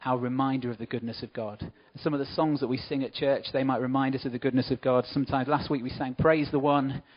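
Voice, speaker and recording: A man gives a relaxed, conversational talk to a church congregation, throwing in friendly asides between points. His voice sits at a middle pitch. The recording sounds a little muffled and dull. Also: fast. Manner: chatty, warm asides to the congregation. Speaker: church speaker.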